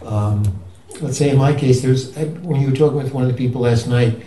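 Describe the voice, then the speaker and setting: Halting man, dark voice, off-mic. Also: medium pitch, echoey room, recorded from a distance, rough recording. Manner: halting, searching for words, many restarts. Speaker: retreat participant asking a question. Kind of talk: rambling spoken question.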